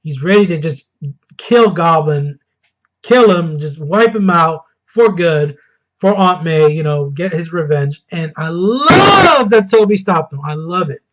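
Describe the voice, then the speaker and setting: A man giving a casual, excited film review, gushing and bursting into loud enthusiasm now and then. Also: a little high, dull audio. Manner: excited, gushing, quick swings into loud outbursts. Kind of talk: casual spoiler review monologue.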